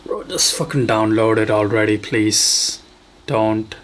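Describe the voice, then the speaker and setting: Young male streamer from Tamil Nadu, slow unhurried delivery, frustrated muttering with lots of swearing, casual coding-stream chat. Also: fairly low pitch, steady tone, low-quality recording. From Tamil Nadu, India.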